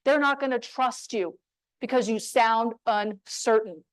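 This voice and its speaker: A woman's voice: on the high side, no echo, low-quality recording. Punchy, emphatic woman coaching a crowd. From New Mexico. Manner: emphatic, punchy, with deliberate pauses. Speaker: speaker on voice skills. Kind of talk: motivational talk to a live audience. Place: room with an audience.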